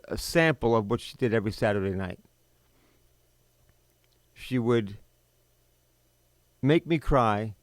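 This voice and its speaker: A middle-aged man hosting a podcast, telling a personal story in a blunt, bitter, emphatic way with sudden pauses. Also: mid-range voice, clean tone, no echo. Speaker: podcast host.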